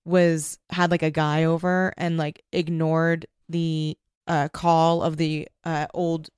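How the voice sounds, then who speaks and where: A woman talks over a book in a loose, rambling way, leaning on "like" as she thinks aloud. Her voice sits slightly low, and the recording is dry and close. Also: level tone, slow pace, darkish tone, clean tone, dry recording. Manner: rambling, heavy use of "like". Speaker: book discussion co-host. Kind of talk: casual book chat.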